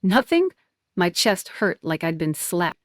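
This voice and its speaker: A woman's voice: fairly low pitch, unhurried, dry recording, clean studio sound. Intense woman narrating a drama. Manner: emotional, intense. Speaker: story narrator. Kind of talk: first-person dramatic story narration.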